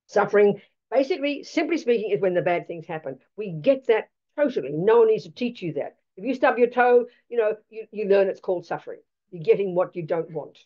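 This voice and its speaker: Animated woman giving a Buddhist teaching. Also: medium pitch, muffled recording. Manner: animated, emphatic and blunt, with rhetorical questions.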